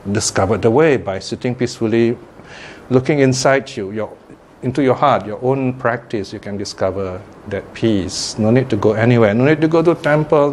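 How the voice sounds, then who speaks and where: A man's voice: medium pitch, darkish tone, a little hiss or hum. A man, a Buddhist teacher giving a chatty Dharma talk, laughing often and tossing in asides. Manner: chatty, laughs often, lots of "you know".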